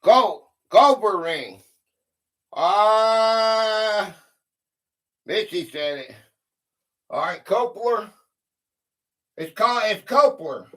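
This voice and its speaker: Man, livestream host, high voice, unhurried, chatty. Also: sing-song, fairly bright tone. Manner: chatty, greets viewers by name, thinks aloud. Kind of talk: casual livestream chat.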